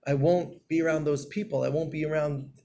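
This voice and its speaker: A man giving a Torah class in a storytelling way, acting out scenes and getting loud and animated. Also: fairly high pitch, fairly quick, slight background noise.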